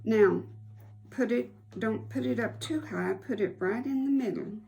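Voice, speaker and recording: A woman giving an unhurried, homey step-by-step sewing tutorial as a quilting instructor. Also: a little high, creaky, mellow.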